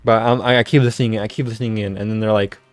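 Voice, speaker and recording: A man's voice: fairly low pitch, fairly even intonation, very fast, no room sound, faint music behind. Rambling young-sounding man ranting. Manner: rambling, stammering restarts, casual swearing. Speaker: streamer. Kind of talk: casual rant.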